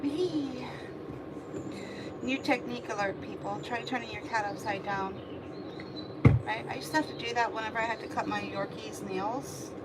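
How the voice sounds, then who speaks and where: A woman's voice: on the high side, moderate pace, long pauses. A woman cat groomer chatting on a livestream in a grooming salon, cooing and humming to the cat as she works. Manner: coos and hums to the cat. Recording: loud background noise.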